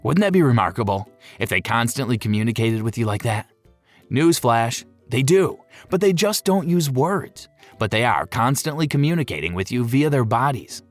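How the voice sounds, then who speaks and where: A man narrates a scripted pet-care video in a lively voice that moves all over its range. He tosses in playful, jokey asides. The sound is dry and close, with faint music behind him. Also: medium pitch, normal speed, dry recording.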